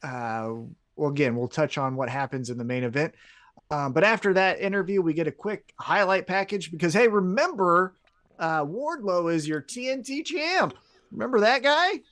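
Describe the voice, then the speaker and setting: Lively man recapping a wrestling show. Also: high-pitched, normal speed. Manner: recaps events, acts out quotes in a lively way. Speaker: podcast co-host. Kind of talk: casual wrestling podcast recap.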